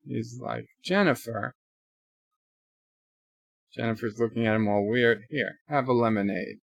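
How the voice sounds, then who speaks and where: A man reviews an episode live in a relaxed, unhurried way, retelling scenes and slipping in quoted dialogue with offhand comments. His speech is slow and recorded close and dry, with an everyday middle pitch. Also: creaky, no echo, lo-fi sound. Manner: casual plot retelling with quoted lines and asides. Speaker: show reviewer.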